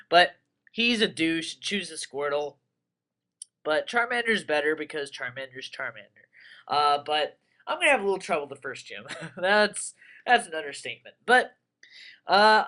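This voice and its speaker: A young man giving casual, rambling commentary on a game he plays, excitable and full of crude jokes. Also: a little high. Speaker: let's player.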